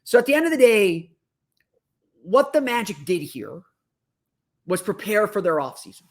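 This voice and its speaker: Casting: male podcast host, higher-pitched voice, off-the-cuff analysis full of restarts. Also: big pitch swings, moderate pace. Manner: thinking aloud, many restarts and fillers.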